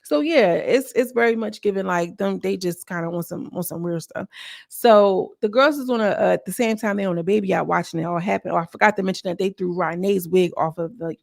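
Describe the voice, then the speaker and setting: Chatty woman with a gravelly voice. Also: on the low side, no echo, clean studio sound. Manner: chatty and animated, acts out cast members' lines. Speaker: reality TV recap vlogger. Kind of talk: casual episode recap.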